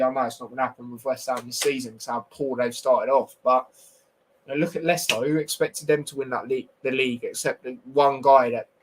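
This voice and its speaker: A man's voice: medium pitch, husky, low-quality recording. A young man hosting a casual football review stream, blunt and opinionated with slangy banter. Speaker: football podcast host.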